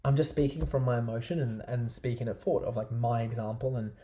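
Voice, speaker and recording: Mellow-voiced man giving chatty dating advice. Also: medium pitch, fairly quick. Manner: chatty, loose, keeps asking "right?". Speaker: dating coach. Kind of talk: casual advice talk to camera.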